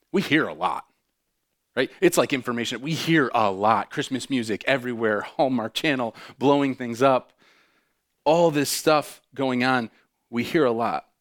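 A man preaching a sermon in an animated way, mixing jokey asides with quieter earnest points. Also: mid-range voice. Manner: animated, joking asides with quick bursts and soft drops. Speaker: pastor.

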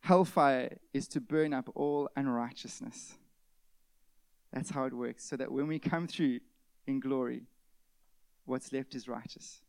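A male pastor preaching a sermon, swinging from loud emphatic peaks to hushed near-whispers and asking the congregation rhetorical questions. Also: medium pitch, fairly even intonation, a little slow, creaky, pauses often, clear, resonant tone, no echo.

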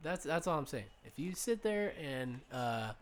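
A man's voice: on the high side, big pitch swings, measured pace. Young man telling rambling profane stories. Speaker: podcast co-host. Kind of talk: casual chat.

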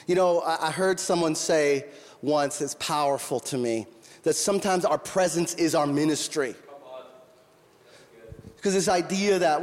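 A man's voice: fairly high pitch, animated, unhurried, long pauses. A middle-aged man preaching a sermon, telling a story in an earnest voice and often restarting his words. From Minnesota or North Dakota region. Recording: long hall reverb.

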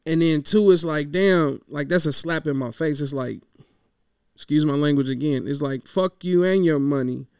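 A fairly high-voiced man with a gravelly edge rambles through a frustrated, casual vent, cursing freely as he goes. His voice stays smooth and resonant underneath the grit, and the recording is close and dry. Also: fairly even intonation, moderate pace, a little mellow, no echo. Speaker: podcaster. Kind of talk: casual venting monologue.

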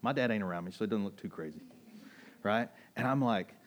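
A pastor delivering a sermon as an animated, emphatic storyteller, a man whose voice swings between hushed and loud. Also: on the low side, brisk, a little hiss or hum.

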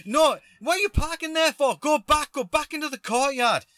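A man's voice: extremely high pitch, takes it slowly, no echo, clean studio sound, voice pushed up, heavily acted. A man voicing a huge, furious man who barks threats at a driver. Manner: shouting, barking threats.

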